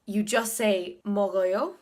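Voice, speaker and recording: A woman's voice: medium pitch, fairly even intonation, quick pace, darkish tone. A woman with an Irish accent chatting casually in a study vlog, thinking aloud and repeating words to practise them. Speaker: video blogger learning Korean.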